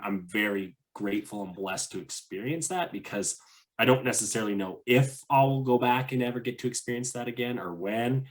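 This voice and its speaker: A man co-hosting a podcast, chatting casually about travel in a rambling way, full of "like" and restarts. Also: lowish voice. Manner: rambling, many fillers and restarts. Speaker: podcast co-host.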